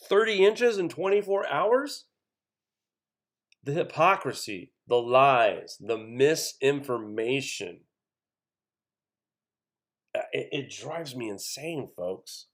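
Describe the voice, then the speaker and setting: Indignant man commenting on weather news. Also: mid-range voice. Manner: indignant, conversational, addresses viewers as folks; reads news items aloud then comments. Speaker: channel host.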